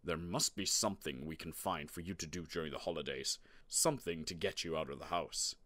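A man reading an audiobook and voicing an exasperated, stern father in a lowered voice. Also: fairly quick, bright, forceful tone, no echo, heavily acted. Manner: stern, gritted-teeth. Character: exasperated father of five boys. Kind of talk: audiobook character voice.

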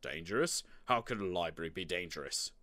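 A man reading an audiobook and voicing an exasperated, stern father in a lowered voice. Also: expressive, brisk, bright, forceful tone, no room sound. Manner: stern, gritted-teeth. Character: exasperated father of five boys. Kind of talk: audiobook character voice.

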